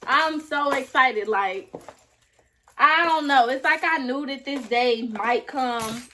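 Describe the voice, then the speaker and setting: A woman's voice: high-pitched, slow, pushed and bright, slight background noise. A woman vlogging casually to her viewers, earnest and gushing as she talks straight to them. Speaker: beauty YouTuber. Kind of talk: casual vlog to camera.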